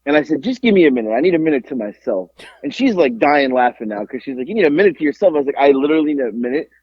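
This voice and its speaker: A man co-hosting a podcast, telling an animated story in casual chat and acting out both sides of the conversation. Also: mid-range voice, rapid-fire, husky, no echo, lo-fi sound. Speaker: podcast co-host.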